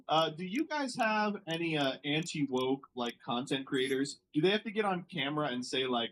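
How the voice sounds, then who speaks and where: An American man streaming casual commentary as he reacts to online posts, sarcastic and quick to laugh, sometimes mocking French words. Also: fairly high pitch, a bit bright, a little hiss or hum, low-quality recording.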